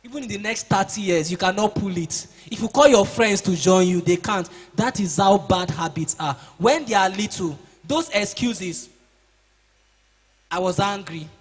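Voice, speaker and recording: This seminar speaker lectures a group of teenage boys in an echoing hall, his high, husky voice moving at normal speed with few pauses. His motivational talk is preachy, full of questions to the audience and acted-out excuses.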